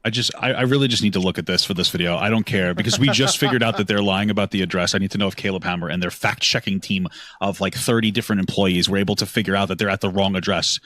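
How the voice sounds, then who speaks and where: A man's voice: low-pitched, steady tone, fast talker, a bit bright, no echo. A man livestreaming angry, profane commentary with a sarcastic edge.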